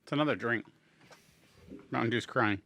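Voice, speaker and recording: A man co-hosting a podcast in casual chat, dropping dry, deadpan quips. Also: medium pitch, moderate pace, gravelly, a little hiss or hum. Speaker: podcast co-host.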